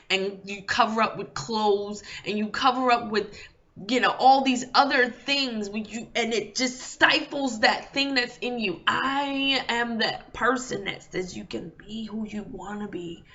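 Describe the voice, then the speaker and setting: A woman delivers a motivational monologue as an intimacy coach, her voice higher than most and bright and forceful. She builds her points with repetition and a preacher-like cadence. The recording sounds dull and lo-fi.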